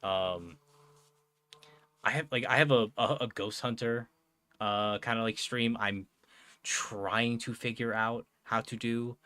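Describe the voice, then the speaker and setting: A man's voice: medium pitch, slow, long pauses, bright, forceful tone, no echo. A young man chatting casually on a live stream, rambling with lots of fillers, swearing and frequent laughs. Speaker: streamer and podcast host.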